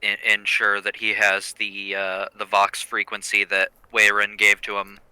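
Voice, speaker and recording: Slow, hesitant male player. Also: fairly low pitch, completely flat delivery, pushed and bright, clean tone, no room sound, poor audio. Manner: hesitant, many fillers. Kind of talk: casual game talk.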